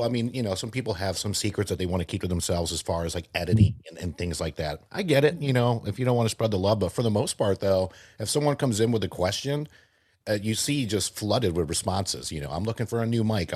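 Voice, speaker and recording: A man's voice: lowish voice, slightly rough, dry recording, studio quality. A man co-hosting a podcast, easygoing and chatty, often repeating words as he talks. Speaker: podcast co-host. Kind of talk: casual podcast chat.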